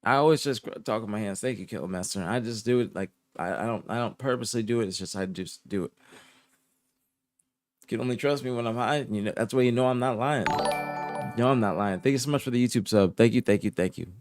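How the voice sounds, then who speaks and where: Soft-spoken laid-back young male streamer. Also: fast, dry recording, faint music behind. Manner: drifts between low murmurs and higher indignant outbursts. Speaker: streamer reporting esports news. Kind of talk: casual live-stream chat, reading and answering chat.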